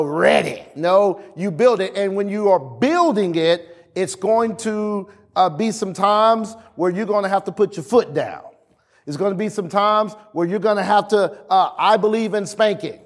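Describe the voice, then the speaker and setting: High-voiced man preaching a sermon. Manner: lively preaching, slows for emphasis, acts out family dialogue. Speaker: pastor.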